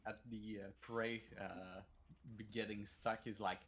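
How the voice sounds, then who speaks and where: Halting male tabletop player. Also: fairly low pitch, level tone, a bit bright. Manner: halting, stumbling delivery. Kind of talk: describing his character's actions in a tabletop game.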